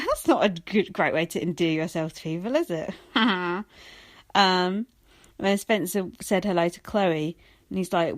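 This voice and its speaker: A young woman hosts her own podcast and riffs alone on reality television. She is sarcastic and swears freely, laughing between points. Her voice sits fairly low for a woman. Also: normal speed. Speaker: podcast host. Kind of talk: casual solo commentary.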